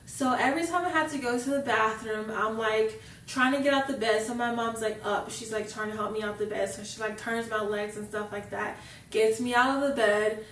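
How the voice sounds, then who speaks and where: A young woman tells a personal story as a vlogger, in a loose, rambling way that keeps circling back on "like". Her voice sits a bit high, and the mic is set back from her, so the room echoes around her words. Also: normal speed, fairly bright tone, far from the mic, a little hiss or hum. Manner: chatty, fills sentences with "like". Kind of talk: casual storytelling.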